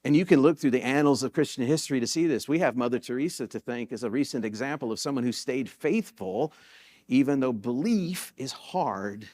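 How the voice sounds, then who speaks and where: A male pastor giving a sermon in a church, telling stories in a relaxed, conversational way and repeating key points for emphasis. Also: medium pitch, brisk. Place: church sanctuary.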